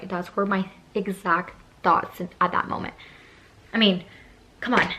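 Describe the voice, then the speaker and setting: A woman in her twenties telling a personal story on her vlog, animated, swearing freely and acting out both sides of the conversation. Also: fairly low pitch, slight background noise. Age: 20s. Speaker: beauty vlogger.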